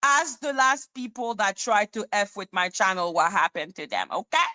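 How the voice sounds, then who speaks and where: A woman's voice: mid-range voice, moderate pace, hardly any pauses, sharp tone. A woman hosting a casual livestream, profane and taunting as she talks to her chat. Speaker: livestream host.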